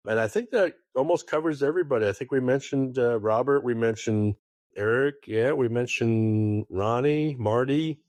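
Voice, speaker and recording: A man co-hosting a poker podcast in casual chat, telling stories in an animated way and swearing freely. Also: mid-range voice, moderate pace, no echo. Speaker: podcast co-host.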